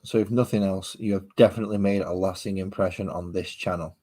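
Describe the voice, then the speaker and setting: Low husky man chatting while painting. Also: fairly even intonation, fast talker, dark tone. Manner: rambling, talks to chat viewers. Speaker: miniature painting streamer. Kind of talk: casual livestream chat while painting. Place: home hobby desk.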